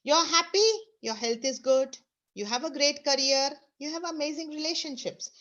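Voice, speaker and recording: Over a video call, a woman leads an online motivational workshop, walking listeners through exercises and repeating her instructions. Her voice is high and fairly bright at a moderate pace, with the highs cut off.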